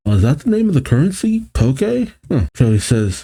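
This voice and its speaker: A man's voice: medium pitch, big pitch swings, brisk, few pauses, dark tone, breathy edge. A man reading a comic aloud as a reaction host, with chuckling, casual asides.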